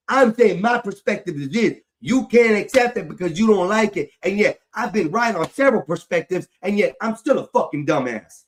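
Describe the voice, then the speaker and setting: A man ranting angrily on a livestream, swearing heavily and repeating himself. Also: high voice. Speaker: livestream host. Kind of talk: angry livestream rant.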